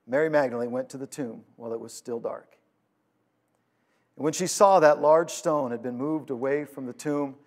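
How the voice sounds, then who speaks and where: A man preaching a sermon, retelling scripture with dramatic swings between loud urgency and hushed quiet. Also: a little high. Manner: storytelling, paraphrasing scripture. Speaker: pastor.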